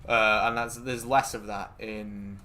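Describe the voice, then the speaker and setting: A man, a game streamer chatting casually and rambling excitably, swearing freely as he talks to friends while he plays. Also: lowish voice, unhurried, slight background noise. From England. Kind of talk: casual chat while gaming.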